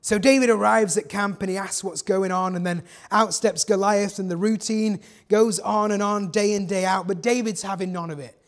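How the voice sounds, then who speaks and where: A pastor with a notably high voice delivers a lively sermon. He tells the story with energy and keeps asking rhetorical questions. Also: moderate pace, few pauses.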